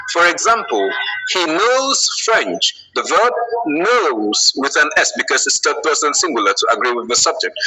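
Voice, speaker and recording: A man leads an English grammar lesson in a very bright, sharp voice that sits a little high. He says the example sentences slowly and clearly and keeps checking in with a questioning "okay?". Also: poor audio. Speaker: English teacher.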